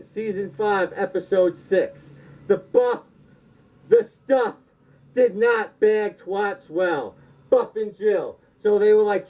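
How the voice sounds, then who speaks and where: A man in a rambling comedy monologue who keeps circling back with filler words. His voice sits high but mellow, and it comes through on a muffled, lo-fi recording. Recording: dull lo-fi recording.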